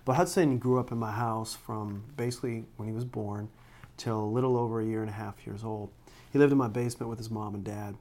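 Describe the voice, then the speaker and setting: A man's voice: medium pitch, darkish tone. A middle-aged man, a pastor preaching a sermon, telling personal stories in an earnest, emotional way with frequent restarts.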